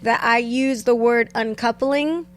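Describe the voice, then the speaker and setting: A woman's voice: on the high side, steady tone, unhurried. Chatty woman telling a breakup story. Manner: candid, swears freely, trails off and restarts. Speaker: guest. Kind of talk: casual comedy podcast chat.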